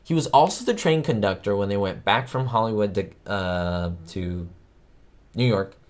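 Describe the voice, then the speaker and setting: A man hosting a trivia livestream, chatting casually and excitably with his viewers, rambling from one fact to the next. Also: fairly low pitch, moderate pace.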